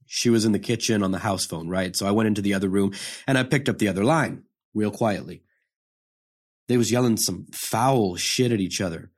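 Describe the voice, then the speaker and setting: A man's voice: fairly low pitch, a little fast, breathy edge. An actor playing a hardened young male prisoner, delivering a profane, confrontational dramatic monologue. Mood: bitter. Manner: profane, confrontational street talk.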